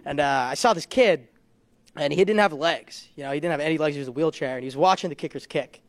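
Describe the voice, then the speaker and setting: A man's voice: a little high, fast, dry recording. A young man performing a stand-up comedy set, telling rambling, self-deprecating stories and laughing along. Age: young adult. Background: audience laughter.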